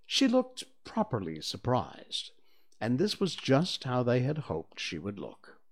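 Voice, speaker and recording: A man reading a children's book aloud, taking his time over every sentence. His pitch rises and falls in a lively, expressive way. It has the measured, warm-hearted pacing of a regular read-aloud session. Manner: unhurried and expressive. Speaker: reader of a serialized book. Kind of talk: storybook read-aloud narration.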